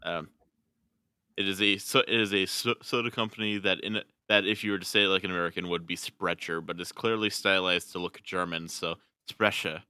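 A man co-hosting a podcast in casual chat, halting and restarting often, laughing easily. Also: deep voice, fairly even intonation, pushed and bright, clear, resonant tone, no echo. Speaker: podcast co-host.

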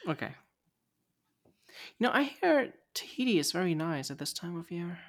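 A podcast co-host in casual chat, playful, teasing and quick to get excited. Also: mid-range voice.

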